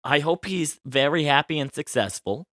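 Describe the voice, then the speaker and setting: Chatty, bright-voiced male podcast host. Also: fairly high pitch, moderate pace, dry recording, clean studio sound. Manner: expressive and chatty, with frequent tag questions. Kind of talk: casual celebrity gossip chat.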